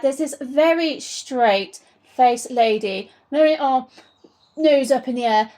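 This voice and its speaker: A woman's voice: fairly high pitch, very animated, moderate pace, darkish tone. A woman telling an amused story about her dad in casual chat.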